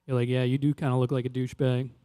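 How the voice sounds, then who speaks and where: A young adult man from Louisiana doing a stand-up comedy set in a loose, conversational way, jumping into animated quoted voices. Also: medium pitch, rapid-fire, clear, resonant tone, big-room sound. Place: live comedy venue.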